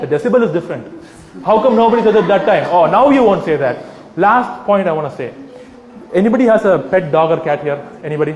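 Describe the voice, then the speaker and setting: A man giving an animated, mocking public talk, speaking straight to his audience. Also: sits high, fast talker, muffled recording. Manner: animated, mocking, addresses the crowd directly. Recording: echoey hall with faint background noise.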